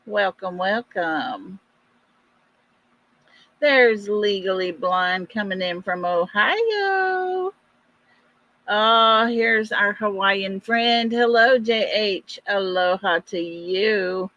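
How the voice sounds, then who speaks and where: A woman, hosting a casual live stream and chatting warmly with viewers by name. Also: medium pitch, drawn-out words, no echo, highs cut off. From East Texas.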